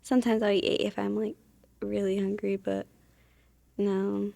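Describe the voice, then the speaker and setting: A woman's voice: medium pitch, level tone, normal speed, gravelly, mellow, no room sound. A woman co-hosting a podcast in casual chat, musing with lots of fillers and laughing along. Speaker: podcast co-host.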